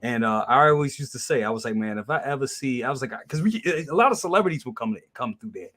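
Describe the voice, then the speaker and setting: A man's voice: medium pitch, expressive, fast talker, a bit bright. A man co-hosting a toy review show, telling anecdotes in casual group chat and swearing freely.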